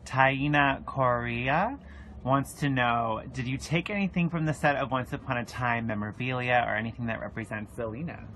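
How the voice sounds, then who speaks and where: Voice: medium pitch, normal speed, fairly bright tone, a little hiss or hum. A host reading viewer questions aloud in a plain, friendly way during a live chat.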